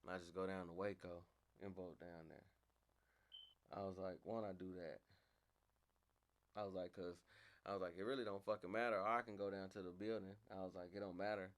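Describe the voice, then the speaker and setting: A man with a fairly low voice tells a story in a loose, casual way. He swears freely and often, and his voice climbs high and loud when he gets fired up, then drops back down again. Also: steady tone, brisk, long pauses. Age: adult, father of a young daughter. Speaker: podcast host.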